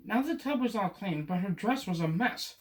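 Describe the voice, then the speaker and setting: A man's voice: high-pitched, animated, normal speed, pitched above the performer's own voice. A man reading aloud and voicing a cheeky, boastful cat with a gleeful manner. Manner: gleeful and confident.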